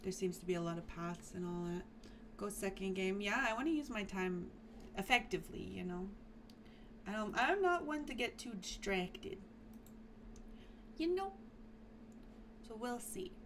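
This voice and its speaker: A woman's voice: mid-range voice, expressive, normal speed, fairly bright tone, a little hiss or hum. A woman streamer reading a visual novel aloud while playing, playful and laughing often.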